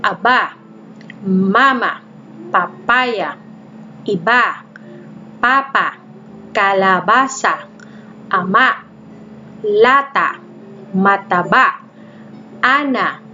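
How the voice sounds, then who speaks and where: A woman's voice: mid-range voice, fairly bright tone. A woman teacher gives a recorded reading lesson, explaining in English mixed with Bikol words and reading syllables aloud one by one. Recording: dull lo-fi recording with faint noise.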